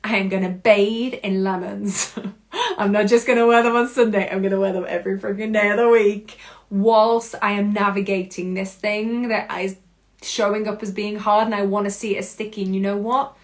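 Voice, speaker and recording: A woman hosting a podcast, giving an expressive self-help monologue and often breaking into laughter. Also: medium pitch, moderate pace. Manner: expressive, laughs often, acts out her own inner voice. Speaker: podcast host.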